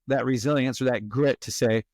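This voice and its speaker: Male podcast guest, expressive storyteller, mid-range voice, close dry mic. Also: medium pitch, normal speed, no echo. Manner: animated storyteller who acts out worried inner monologues. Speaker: guest, resilience expert and author. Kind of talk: conversational podcast interview.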